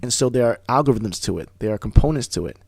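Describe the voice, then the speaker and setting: A man hosting a talk radio show, telling stories in a casual, animated way, often restarting words. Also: medium pitch, gravelly, no echo, clean studio sound. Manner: animated storyteller, fast bursts, repeats and restarts words. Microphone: studio microphone.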